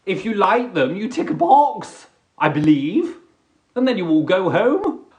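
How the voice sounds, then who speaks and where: A man chats on his live stream, repeating and restarting words as he goes. His voice is lively, with big swings in pitch, and he takes an unhurried pace. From England. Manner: chatty, stammering restarts, giggly. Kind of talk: casual chat.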